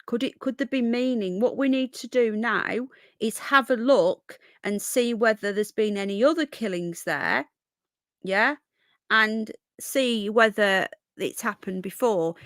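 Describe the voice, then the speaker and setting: A woman's voice: a little high, a little slow, no room sound, studio quality. A woman hosting a casual live stream, thinking aloud and greeting viewers by name.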